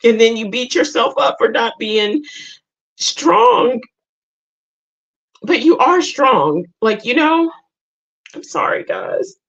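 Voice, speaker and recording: A woman hosting a live group talk, sharing her own story in a halting, emotional way and often repeating or restarting her words. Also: fairly high pitch, lively intonation, a bit bright, lo-fi sound. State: tearful at times. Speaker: host.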